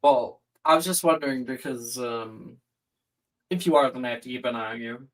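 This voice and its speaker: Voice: mid-range voice, normal speed, far from the mic, poor audio. A tabletop role-play player talking in character in a teasing, nosy, casual way.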